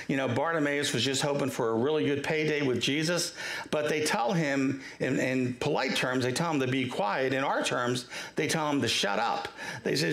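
Male pastor, storytelling sermon, raspy-gravelly, roomy church live stream. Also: fairly high pitch, fairly bright tone. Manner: storytelling, acts out the cries, jokes with the congregation. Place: church sanctuary.

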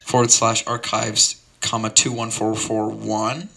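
Flat in delivery and lowish in pitch, a man speaks unhurriedly in a bright, forceful voice touched with vocal fry. He improvises a comic monologue, an absurd open-mic yarn told with mock seriousness that keeps drifting off on tangents. The close is a stumbling sign-off crowded with fillers.

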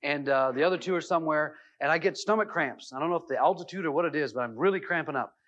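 A man's voice: a little high, fast talker. A middle-aged man giving a self-help seminar talk, telling a comic family story with lots of fillers. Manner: animated, comic anecdotes with many fillers. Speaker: seminar speaker. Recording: dull lo-fi 1990s videotape sound.

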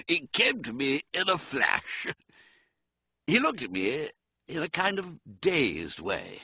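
A man's voice: mid-range voice, wildly swooping pitch, slow, long pauses, bright, forceful tone, husky, no room sound, lo-fi sound. A man narrating a comic story theatrically, voicing every character. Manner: theatrical, swooping, playing all characters. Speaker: audiobook narrator.

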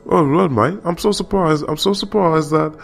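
A man putting on a British accent to play a surprised male author, in a high, strained put-on voice. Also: moderate pace, creaky, soft background music. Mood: amazed.

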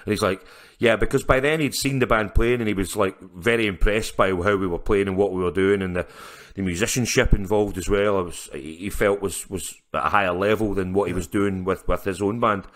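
A man with a low-pitched, steady, slightly bright voice, a musician on a podcast, tells stories fairly quickly in casual interview chat. He laughs often and restarts a lot.

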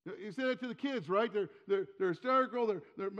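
High-voiced preacher in a reverberant church. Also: male voice, a little fast. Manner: emphatic, repeats words, drops to a quiet intimate tone. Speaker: pastor. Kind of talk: sermon. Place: church sanctuary. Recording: long hall reverb, dull lo-fi sound.

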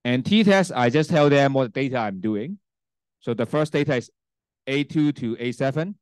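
In a clean, dry studio-sounding recording, a male university lecturer whose native language is Cantonese teaches a class and demonstrates a spreadsheet. His voice is medium-pitched, expressive, clear, and resonant, at a moderate pace, peppered with "okay?", "right?", and restarted sentences. He holds a handheld mic but sometimes sets it down.

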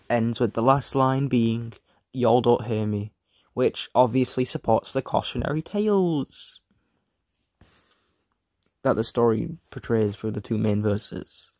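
Guy with a sore throat reading his review script kinda flat, keeps tripping and restarting, dry close sound. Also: medium pitch, no room sound. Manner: reads flatly from a script, often trails off and restarts. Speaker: video reviewer.

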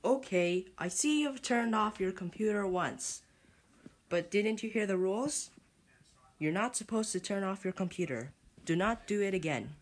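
A woman's voice: mid-range voice, animated, normal speed. A woman reading a scripted computer error announcement, repeating stern warnings over and over.

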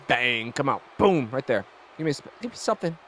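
A young man giving casual, excitable and profane commentary over his own gameplay. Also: mid-range voice, fast talker, a little hiss or hum. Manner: excitable, profane, reacts loudly. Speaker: gaming YouTuber.

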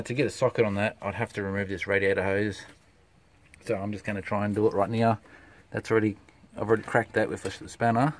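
A man with a fairly low voice talks through a car repair step by step, relaxed and unhurried, with many "uh" fillers. His voice drops quieter when his hands are busy. A faint hiss of noise sits under the voice. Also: rough recording. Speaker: DIY car mechanic. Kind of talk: casual how-to commentary.

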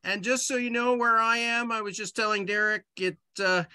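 A man's voice: extremely high pitch, fairly even intonation, normal speed, sharp tone, clear, resonant tone, dry recording. A man from Canada opening an online committee meeting, chatty and joking, with lots of fillers, on a video call. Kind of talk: casual meeting talk. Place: home office on a video call. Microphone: computer mic on a video call.

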